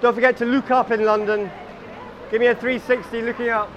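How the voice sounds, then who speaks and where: A man's voice: very high voice, level tone, brisk, muffled recording, background noise. A man leading a walking group outdoors on a city street, telling chatty, absurd comic stories and calling everyone guys. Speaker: comic tour guide.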